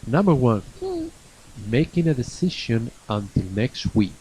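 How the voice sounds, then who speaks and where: A man teaching a live online English lesson from an academy classroom, repeating each phrase slowly and stretching key words. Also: mid-range voice, lively intonation, mellow, a little hiss or hum, low-quality recording.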